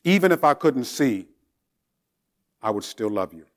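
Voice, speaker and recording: A man's voice: medium pitch, big pitch swings, a little slow. A man voicing an ordinary devout man who answers God with earnest, humble replies.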